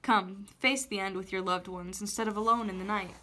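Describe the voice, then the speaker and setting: A woman's voice: medium pitch, steady tone, brisk, sharp tone, natural voice. A woman reading as a scheming witch. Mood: haughty. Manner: coaxing, then haughty.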